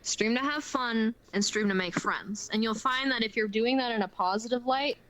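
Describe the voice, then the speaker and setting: A woman's voice: on the high side, normal speed, fairly bright tone, rough recording. A young Canadian woman as a guest on a streamed interview, chatting in an upbeat, earnest way and laughing often. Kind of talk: casual chat.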